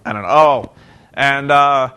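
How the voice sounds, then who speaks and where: A man's voice: medium pitch, a little slow, pushed and bright, clean tone. A man giving a sarcastic, comedic recap of a wrestling show, often acting out the people in it with silly voices. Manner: sarcastic, mocking, acts out quotes in silly voices. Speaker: reviewer.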